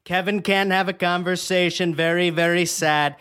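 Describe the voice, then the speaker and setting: A man doing a boastful politician impression, repeating superlatives and "believe me" in a high voice. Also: steady tone, normal speed, sharp tone, clear, resonant tone.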